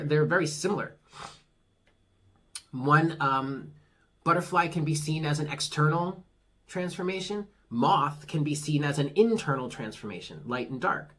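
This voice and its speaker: With a husky, mid-range voice and a fairly bright tone, a tarot reader delivers a laid-back monthly reading. They talk bluntly, curse freely, reassure the listener, and laugh at their own jokes.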